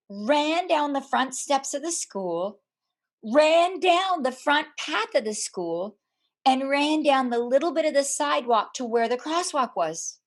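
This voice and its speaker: A woman from Canada, telling a personal story to an audience in a slow, deliberate way with dramatic pauses. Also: high voice, a bit bright. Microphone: camera.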